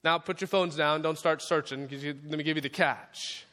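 A male pastor preaching a sermon in a church, passionate and shifting between loud and soft. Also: on the high side, fairly even intonation, moderate pace, long reverb tail. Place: church sanctuary.

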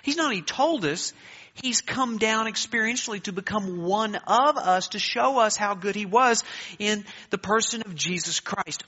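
A male pastor preaching a sermon, emphatic, with dramatic pauses, urging the congregation to answer aloud. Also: high-pitched, expressive, bright, forceful tone, slightly rough. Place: church sanctuary. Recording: echoey hall, dull lo-fi sound.

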